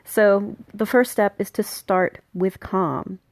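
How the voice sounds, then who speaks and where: A woman's voice: medium pitch, steady tone, slow pace, no room sound. A woman hosting a podcast on dog grooming and training, talking in a chatty, friendly way and laughing now and then. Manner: friendly, chatty, laughs often, acts out dogs' thoughts. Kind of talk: casual instructional podcast talk.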